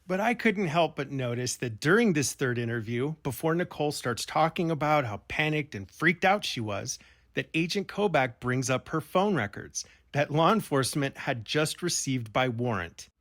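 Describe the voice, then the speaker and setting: A man's voice: medium pitch, lively intonation, moderate pace, fairly bright tone. A man narrating a true-crime commentary over interview clips, in a pointed, incredulous, rhetorical manner.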